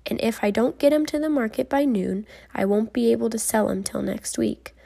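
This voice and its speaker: Woman voicing a stubborn country carter, blunt, loud, gravelly, storybook character. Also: on the high side, fairly quick. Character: gruff country egg carter, stubborn and grumbling.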